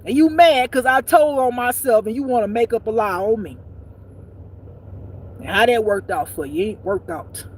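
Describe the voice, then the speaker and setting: Woman ranting about spirit stuff, cussing a lot, preachy, goes loud then mutters low. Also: moderate pace, slight background noise, poor audio. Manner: blunt and preachy, swearing freely; swings between loud exclamations and low muttering. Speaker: spiritual life teacher. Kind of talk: profane spiritual rant monologue.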